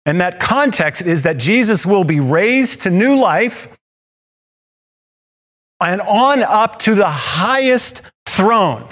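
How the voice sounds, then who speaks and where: A male pastor preaching a sermon, animated and playful, with self-deprecating asides. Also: sits high.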